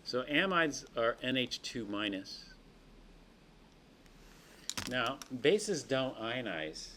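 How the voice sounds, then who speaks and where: In a lecture classroom, a male chemistry lecturer speaks slowly in a mid-range, slightly bright voice with big swings in pitch. He explains reactions one step at a time and pauses to check on his students, with a faint hiss or hum in the recording.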